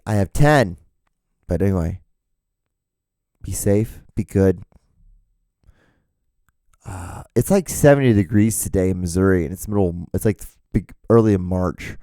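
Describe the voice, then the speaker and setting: A man's voice: sits low, unhurried, pauses often, mellow, no echo. A man hosting a solo podcast, rambling and profane and poking fun at himself, his voice wearing out. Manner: rambling, profane, self-deprecating. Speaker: podcast host.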